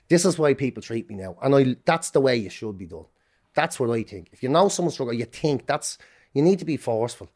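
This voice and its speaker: An Irish man in his forties, a guest on a podcast, speaking candidly with forceful emphasis and plenty of swearing. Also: mid-range voice, animated, fairly quick. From Ireland. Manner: emphatic, heavy swearing, repeats points forcefully. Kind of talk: candid interview talk.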